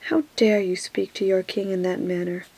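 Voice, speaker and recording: A woman's voice: medium pitch, little pitch movement, moderate pace, vocal fry, poor audio. A woman voicing a cold, haughty queen in a whispered role-play. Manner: soft whisper.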